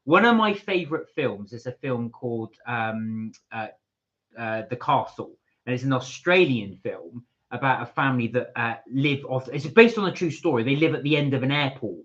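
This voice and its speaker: A man's voice: medium pitch, expressive, normal speed, a bit bright. Guy on a live stream reading comments out, lots of umms and uhs, kinda muffled sound. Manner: rambling, hesitant with many fillers. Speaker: channel co-host.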